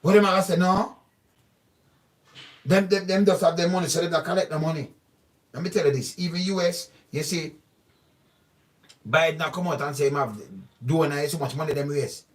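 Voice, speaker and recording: A man's voice: a little high, steady tone, normal speed, long pauses, recorded from a distance. A man with a Jamaican accent giving an emphatic, repetitive political commentary monologue, pressing his points with insistent questions.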